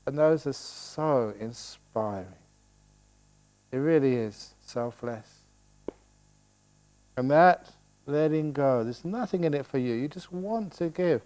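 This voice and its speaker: A man's voice: fairly high pitch, lively intonation, slow pace, pauses often, a little mellow. An older man giving a playful dharma talk at a meditation retreat, joking and laughing as he teaches.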